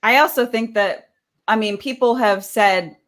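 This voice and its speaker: A woman's voice: fairly high pitch, unhurried, a bit bright. A woman from California chatting with enthusiasm and saying like a lot. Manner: enthusiastic, talkative, says like often. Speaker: voice group singer guest. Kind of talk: casual chat.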